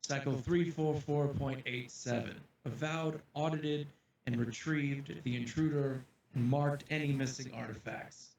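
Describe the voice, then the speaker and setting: A man voicing a grave male headmaster who gives a solemn, measured address to his students, recorded from a distance in an echoey room with faint ambience. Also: medium pitch, steady tone, creaky, a little mellow, a little hiss or hum.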